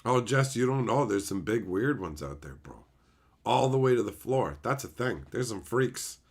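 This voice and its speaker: A man's voice: fairly low pitch, animated, normal speed, husky. A man from Canada chatting casually on a livestream, swearing freely and laughing often as he answers his chat. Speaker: streamer reading chat.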